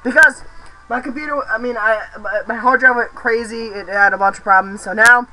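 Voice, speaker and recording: Young male gameplay commentator, loose and excitable, cussing at the screen, bright voice. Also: very high voice, a little fast, low-quality recording. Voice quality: rambling, excitable, swears, shouts at the game. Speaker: let's play host.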